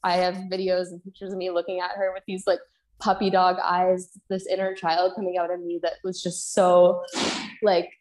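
A woman's voice: fairly low pitch, normal speed. A young woman from Canada, a podcast guest, telling her story candidly and heartfelt, acting out what she and others said. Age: young adult. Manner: heartfelt, quotes herself and others in lively re-enactments.

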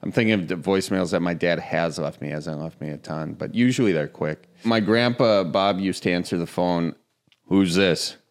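A man's voice: deep voice, fairly quick, few pauses. A young man hosting a podcast in casual, jokey chat that rambles from one bit to the next. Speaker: podcast host.

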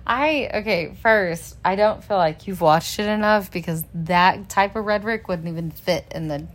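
A mother co-hosting a casual podcast chat, talking in a chatty, animated way and laughing as she tells stories. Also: mid-range voice, normal speed.

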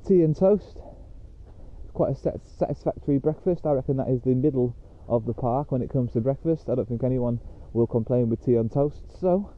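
Male podcast host, casual rambling talk outdoors, mid-pitch, phone-line tinny audio. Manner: rambling and chatty, with many fillers. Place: outdoors on a dog walk.

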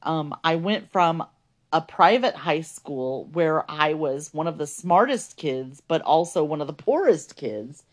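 A woman's voice: deep voice, animated, unhurried. A woman telling her life story in a podcast, earnest and conversational, with many fillers.

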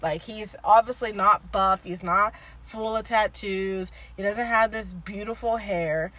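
A woman's voice: mid-range voice, a little slow, a bit bright, low-quality recording. A woman co-hosting a podcast, gushing in casual chat and filling her talk with "like" and "um.". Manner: gushing, filler-heavy with lots of "like". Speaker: podcast co-host.

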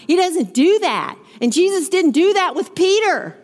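A woman's voice: very high voice, sing-song, unhurried, hardly any pauses, long reverb tail. A woman Bible teacher reading scripture aloud and explaining it, stressing points through repetition. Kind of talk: women's Bible study teaching.

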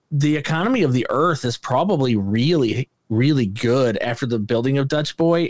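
A medium-pitched man co-hosts a movie podcast with no room sound, chatting casually about films. He's animated, swears a lot, and rants with a raised voice.

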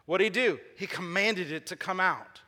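A man's voice: sits high, normal speed, sharp tone. A man preaching a sermon as pastor, asking his congregation questions and repeating key phrases for emphasis. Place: church sanctuary. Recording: long reverb of a large hall.

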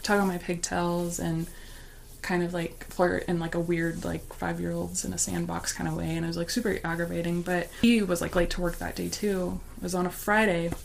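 A woman's voice: fairly low pitch, little pitch movement, moderate pace, gravelly, slight background noise. A woman telling a story in casual chat, talking loosely with lots of fillers and laughing as she goes.

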